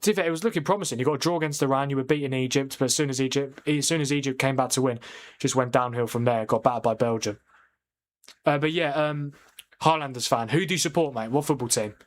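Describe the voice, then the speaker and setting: A man's voice: medium pitch, fast talker. A man hosting a live football watchalong, chatting with viewers and reacting to the match as it plays. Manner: chatty, reads and answers viewer comments; excitable reacting to match incidents. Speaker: watchalong streamer.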